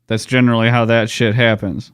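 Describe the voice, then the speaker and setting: A man co-hosting a casual history podcast, telling the story in a relaxed, profane, joking way. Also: mid-range voice, a little fast, smooth, no room sound, clean studio sound. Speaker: podcast co-host.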